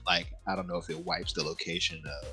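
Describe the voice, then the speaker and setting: A man co-hosting a podcast in casual chat, animated and laughing often as he talks. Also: low-pitched, fast talker, faint music behind. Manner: animated, laughs often, restarts mid-thought. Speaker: podcast co-host.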